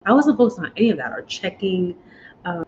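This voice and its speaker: Fairly quick and sing-song, this American woman's medium-pitched, darkish voice carries casual, emotional vlog chatter. She keeps saying "y'all" and "guys." Expect faint noise and a dull, lo-fi quality.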